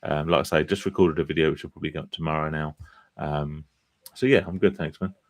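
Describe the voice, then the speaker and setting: Tired, gravelly deep-voiced man. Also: fairly even intonation, fast talker, no echo. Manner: chatty, self-deprecating, swears casually. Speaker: live-stream host on gambling recovery. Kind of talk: casual live-stream chat reading viewer comments.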